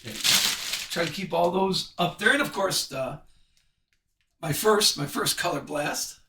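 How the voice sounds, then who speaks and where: Chatty guy running a card break stream, fairly high bright voice, echoey room, drifts off mic. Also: far from the mic, slight background noise. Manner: chatty, reads card names off quickly. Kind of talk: live card break commentary.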